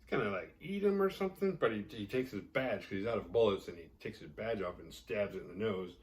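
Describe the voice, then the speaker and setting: A man's voice: lowish voice, expressive, quick pace, far from the mic. A man hosting a horror movie podcast, retelling a film's plot in a loose, rambling way, full of fillers and swearing. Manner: rambling, heavy filler "like", profane and jokey. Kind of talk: casual movie recap.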